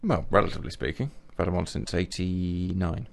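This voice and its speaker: A man's voice: deep voice, brisk, creaky. A man co-hosting a comedy podcast, trading dry, teasing one-liners. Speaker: podcast co-host.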